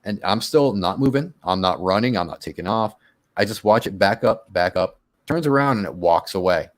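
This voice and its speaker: A man casually telling his own monster encounter story on a radio show, animated and acting out his own quotes. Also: lowish voice, normal speed.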